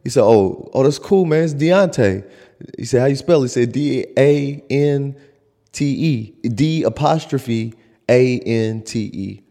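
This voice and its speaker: Gravelly young man telling animated stories. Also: mid-range voice, a little slow, long reverb tail. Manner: animated storyteller, breaks into laughter and loud retellings. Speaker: podcast co-host. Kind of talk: casual chat.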